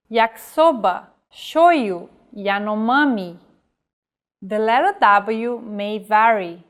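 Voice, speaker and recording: Slow, careful woman teacher. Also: a little high. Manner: slow, careful delivery, modelling example words. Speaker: language teacher. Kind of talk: scripted lesson narration.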